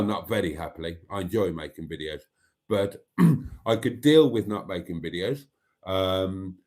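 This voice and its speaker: A man's voice: fairly low pitch, a little mellow. A man hosting a casual live stream, rambling and self-mocking and laughing easily.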